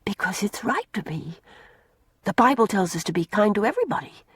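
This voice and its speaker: Woman voicing timid, soft-spoken young girl. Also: mid-range voice, big pitch swings, racing, slightly rough, no echo, clean studio sound. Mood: gentle. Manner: soft, hushed and earnest.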